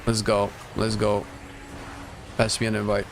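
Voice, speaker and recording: Faint game music plays beneath a man who chats laid-back about his gameplay as a streamer, answering his chat. His voice is on the low side with vocal fry, delivered completely flat and a little slowly. There's a little hiss or hum in the recording.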